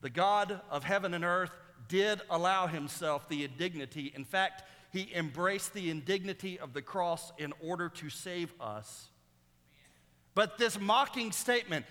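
A man delivers a sermon in a bright, fairly high voice, swelling louder when he reads the verses aloud. The sound rings with the long reverb of a large hall. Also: expressive, unhurried. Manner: preaching that rises loud and high on quoted scripture. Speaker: pastor.

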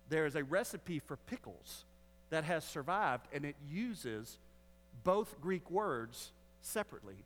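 A man's voice: fairly high pitch, fairly bright tone. A man preaching a sermon as a Baptist pastor, teaching with joking asides to the congregation. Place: church sanctuary. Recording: long hall reverb.

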